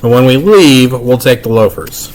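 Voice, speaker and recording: A man voicing a fussy, worried mother who talks to her small son slowly and firmly. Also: medium pitch, expressive, darkish tone, lightly acted. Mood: scheming. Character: fussy worried mother, middle-aged woman.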